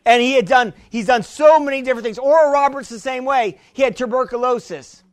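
A man's voice: very high-pitched, a little fast, dry recording. A man preaching an emphatic sermon, often repeating words as he builds. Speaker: pastor.

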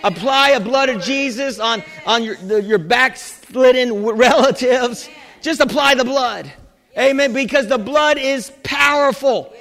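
A pastor preaching a sermon with fervent energy, often rising into shouts and restarting his sentences. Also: extremely high pitch, unhurried. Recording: church hall with long reverb.

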